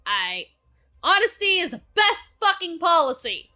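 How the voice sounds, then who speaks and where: A young woman streaming a game, reading its dialogue aloud and reacting with excitable, profane outbursts. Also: high-pitched, normal speed, soft background music.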